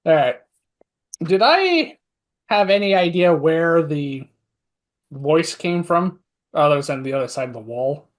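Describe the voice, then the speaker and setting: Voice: mid-range voice, lively intonation, unhurried, long pauses. A player in a tabletop game who talks through plans in a chatty way and laughs at their own ideas. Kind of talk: casual tabletop game play.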